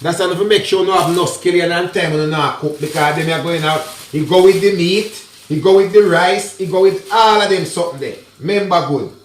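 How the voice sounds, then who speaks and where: A man's voice: high-pitched, a little fast, few pauses, reverberant, slight background noise. A man with a Jamaican accent chatting casually through a cooking tutorial, talking straight to his viewers in patois mixed with English. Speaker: cooking vlogger. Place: kitchen.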